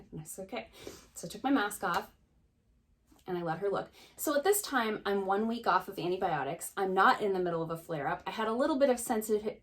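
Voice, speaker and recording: A woman in her thirties, a beauty vlogger and esthetician, casually telling a story to camera and acting out the other people's lines. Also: mid-range voice. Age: 30s. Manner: animated retelling with quoted dialogue.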